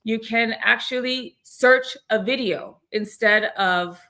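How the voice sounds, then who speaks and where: A woman's voice: fairly high pitch, slow, sharp tone. A woman co-hosting a weekly community call in casual, bubbly chat, laughing often and swearing now and then.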